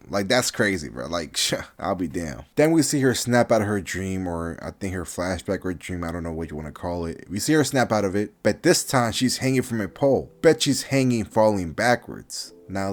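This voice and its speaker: A man casually reviewing a manga chapter, animated and swearing, flaring into loud outbursts. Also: fairly low pitch.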